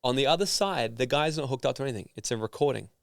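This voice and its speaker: Animated storytelling man, dry close sound. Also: mid-range voice, fast talker, creaky, no echo. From Australia. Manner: animated, acts out voices in his stories. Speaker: guest, personal development founder. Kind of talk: casual storytelling in an interview.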